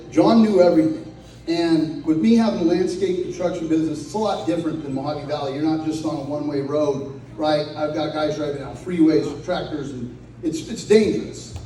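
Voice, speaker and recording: A man's voice: fairly high pitch, warm tone, a little hiss or hum. A man giving a profane, comic eulogy at a memorial gathering, acting out the voices of the people in his stories. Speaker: eulogy speaker. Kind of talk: storytelling at a memorial. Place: hall at a celebration of life. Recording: echoey hall from far off.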